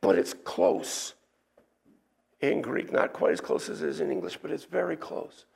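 Male preacher, fairly high-pitched and gravelly, explanatory sermon delivery. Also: big pitch swings, normal speed, darkish tone. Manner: explanatory, teacherly, with restarts and asides. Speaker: pastor. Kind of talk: expository sermon.

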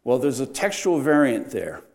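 Older male pastor, mid-pitched voice, animated and wry sermon delivery with big swings in volume. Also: normal speed. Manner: animated, wry, swings between loud emphasis and quiet.

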